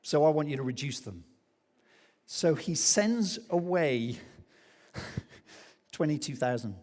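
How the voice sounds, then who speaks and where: Man, pastor, sermon, animated storytelling, slightly high voice, long church reverb. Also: takes it slowly. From England. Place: church hall.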